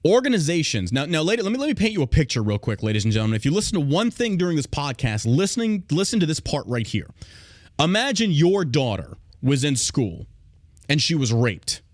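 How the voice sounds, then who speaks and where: A man's voice: a little high, sing-song, a little fast, no echo, clean studio sound. A man hosting a podcast who rants in a heated, profane, emphatic way and speaks directly to his listeners. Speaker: podcast host. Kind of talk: angry podcast rant.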